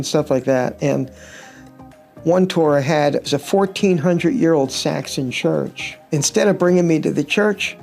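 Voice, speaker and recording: A gravelly, somewhat high-voiced middle-aged man talks casually about life as a touring guitarist. He rambles through anecdotes with wry humor, and faint music plays behind him. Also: a little slow, darkish tone. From United States. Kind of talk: casual interview chat.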